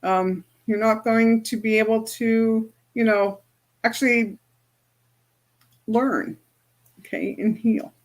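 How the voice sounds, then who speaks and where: Chatty woman coach, bright pitch. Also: steady tone, takes it slowly, pauses often. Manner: chatty, often checks in with "right?". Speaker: spiritual and business coach. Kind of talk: casual teaching to an online group.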